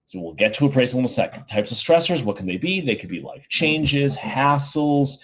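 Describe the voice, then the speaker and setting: A middle-aged male high school teacher giving a casual, chatty recorded lesson from home, with plenty of fillers. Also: big pitch swings, normal speed, muffled recording.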